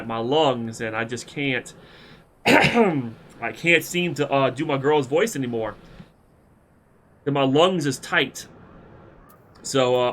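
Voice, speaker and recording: A man with a cold and congested chest chatting casually while streaming a game, rambling with throat-clearing. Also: mid-range voice, fairly bright tone, a little hiss or hum.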